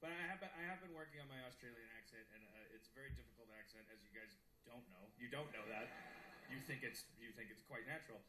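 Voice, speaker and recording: A man's voice: mid-range voice, fast talker, very noisy. A man hosting a live comedy podcast on stage, joking in a stammering, mock-earnest way. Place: live stage before an audience. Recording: roomy stage audio with music.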